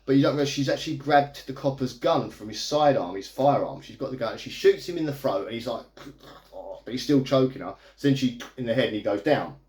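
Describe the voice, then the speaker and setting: A man's voice: medium pitch, lively intonation, brisk, few pauses, a little mellow. A man in a casual video review, recapping a movie plot in a chatty, amused, rambling way. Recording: echoey room.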